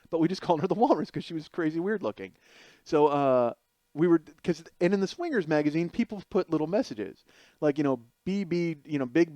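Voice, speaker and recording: A man's voice: a little high, darkish tone, no echo. A man in his forties from the Chicago area, a stand-up comedian telling rambling, crude stories in a podcast monologue. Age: 40s. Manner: rambling, crude, fond of asides like "you know what I mean". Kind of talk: profane comic storytelling monologue.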